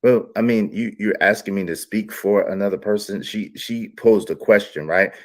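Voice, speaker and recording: A man hosting a live panel discussion, giving measured, somewhat defensive explanations. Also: lowish voice.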